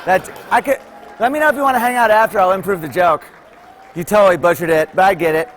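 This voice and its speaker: A man heckling a comedian, shouting his remarks from the audience. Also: sits high, fast talker, crowd noise.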